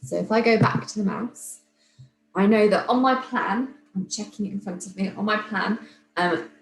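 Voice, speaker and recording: A woman's voice: mid-range voice, normal speed, gravelly. A woman teacher patiently walking young pupils through a demonstration, step by step. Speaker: primary school teacher. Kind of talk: remote classroom demonstration. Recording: echoey room, faint hum.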